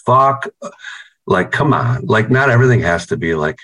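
A man's voice: lowish voice, lively intonation, moderate pace, a bit bright, rough recording. A man from the United States, a band member, chatting casually over a video call, laid-back, swearing freely and telling stories with energy.

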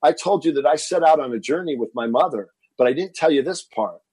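Husky animated storyteller man in his fifties. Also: fairly high pitch, fairly quick, dry recording, low-quality recording. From Texas. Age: 50s. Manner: animated storyteller, rises to shouting when reliving anger. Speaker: fitness entrepreneur guest. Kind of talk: storytelling interview.

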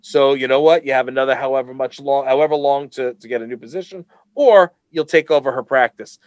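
A man in the middle of his range co-hosts a casual advice chat, pushing his points hard and getting animated when he makes them. His voice sits close and dry on the mic, with no room sound around it. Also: mid-range voice, a little fast, no echo, highs cut off. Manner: animated, emphatic, swears freely. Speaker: podcast co-host.

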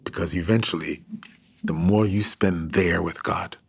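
A man preaching and praying in a livestream devotional, swinging between loud declarations and hushed whispers. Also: deep voice, fairly even intonation, measured pace, gravelly, husky. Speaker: pastor. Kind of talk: devotional livestream sermon and prayer.

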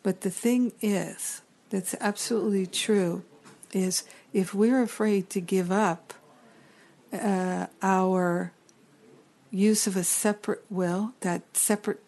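A woman's voice: mid-range voice, fairly even intonation, slow pace, mellow. A middle-aged woman giving an earnest, reflective spiritual teaching talk as a teacher and counselor. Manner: earnest, reflective, builds long lists.

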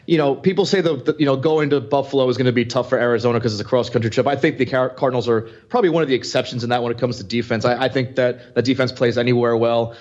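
A man co-hosts a fantasy football podcast, talking quickly and rambling, often restarting his sentences. His audio sounds a little dull and muffled. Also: medium pitch, steady tone, a little mellow. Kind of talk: casual sports chat.

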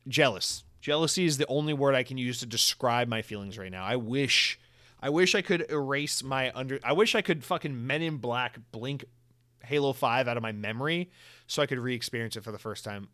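An American man hosting a solo podcast, chatting casually in an animated, profane, rambling way with lots of restarts. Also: medium pitch, brisk. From United States. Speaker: podcast host. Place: home in Orlando, Florida.

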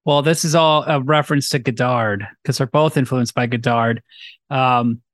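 A man's voice: medium pitch, fairly even intonation, moderate pace, a bit bright, no room sound. Young man, casual movie podcast, rambling, filler-heavy, dry close sound. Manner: rambling, filler-heavy, film-buff references. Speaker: podcast co-host. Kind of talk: casual movie review chat.

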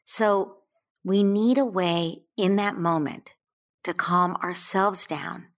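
Gentle woman, kinda low voice, calm parenting advice, slows down to make a point. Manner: gentle, soothing, slows down for emphasis. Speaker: parenting expert guest.

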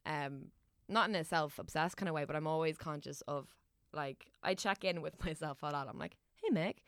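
Brief: woman, podcast guest, low gravelly voice, laughs and restarts, dry close mic. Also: fairly quick, no echo. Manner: laughing, stop-start, self-interrupting. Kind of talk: casual chat.

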